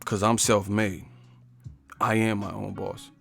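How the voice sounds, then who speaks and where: A man's voice: on the low side, little pitch movement, slow pace, vocal fry, fairly bright tone, soft background music. A man hosting a live stream, confrontational and profane as he roasts the commenters in his chat. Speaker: livestream host.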